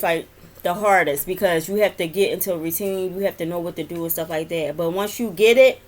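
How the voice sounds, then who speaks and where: Young woman, casual vlog, rambling, lots of fillers, nurse stories. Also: lowish voice. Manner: chatty, rambling, with frequent fillers and laughs. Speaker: vlogger, nurse.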